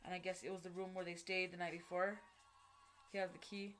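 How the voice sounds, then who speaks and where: A woman speaks directly to her camera in a somewhat low voice, recounting her own story in blunt, heavily profane, halting bursts full of restarts. Faint music plays quietly underneath her voice. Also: level tone. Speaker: vlogger recounting a personal story. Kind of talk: unscripted personal storytelling.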